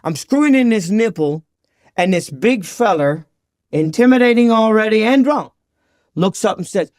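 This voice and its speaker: Man, high voice, animated storyteller, acts out dialogue, dry close mic. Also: normal speed, no echo. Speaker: podcast guest. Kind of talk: storytelling recovery testimony.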